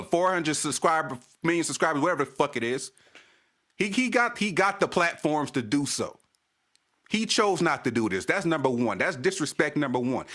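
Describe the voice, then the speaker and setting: A man's voice: a little high, a bit bright. Casting note: a male stream host in a heated, profane casual rant, repeating his points. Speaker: channel host.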